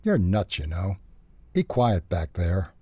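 A man's voice: low-pitched, slow, husky, dry recording, full character voice. A man doing a patient, weary storybook dog. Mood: exasperated. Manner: calm, dry, gently exasperated. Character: patient, good-natured male dog, a little weary.

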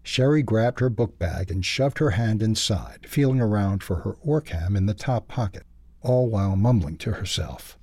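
A man reading a book review and then a children's story in a steady, measured way. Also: on the low side, husky, no room sound. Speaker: reader.

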